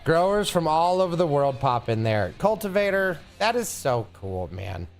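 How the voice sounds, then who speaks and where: A young man with a fairly high voice chats casually to his stream audience. He sounds animated and teasing and laughs often, with faint music playing behind him. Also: moderate pace. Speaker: streamer reading chat. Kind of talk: casual live-stream chat.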